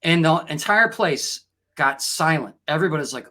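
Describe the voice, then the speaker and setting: Bright-voiced male comedy host. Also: a little high, fairly quick. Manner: upbeat, laughs often. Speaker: show host. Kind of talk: casual comedic chat and joke telling.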